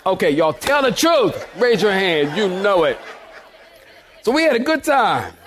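A man's voice: sits high, big pitch swings, a little slow, fairly bright tone, a faint crowd, a little hiss or hum. A man preaching a sermon, telling jokey stories and laughing often as he talks to the congregation. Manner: joking storyteller, laughs often, addresses congregation as y'all. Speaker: pastor.

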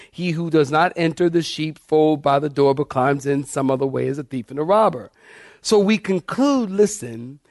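The pastor's expository sermon features scripture read aloud, a congregation addressed as saints and asked to follow along, and forceful swings in pace and volume. His voice is on the high side, with studio-quality sound and no echo.

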